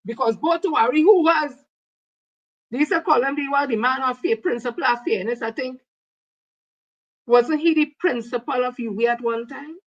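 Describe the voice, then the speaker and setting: Combative Trinidadian woman, higher voice. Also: moderate pace, muffled recording. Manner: combative, scolding. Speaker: online commentator. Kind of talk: heated commentary with read-out quotes.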